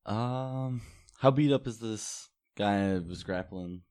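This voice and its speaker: A man with a very deep voice plays a tabletop game with friends. He reads out his dice results in a plain, matter-of-fact way. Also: slow pace, a little mellow. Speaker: player.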